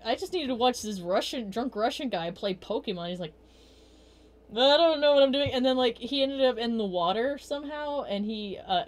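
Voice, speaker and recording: Young woman streamer, casual rambling storyteller, loose and chatty with lots of fillers. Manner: quotes herself in bursts of higher voice. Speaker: livestream host.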